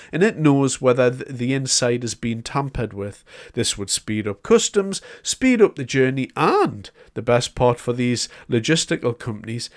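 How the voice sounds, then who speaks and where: A man giving a solo political commentary, talking in a conversational, emphatic way as he builds his argument point by point. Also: medium pitch.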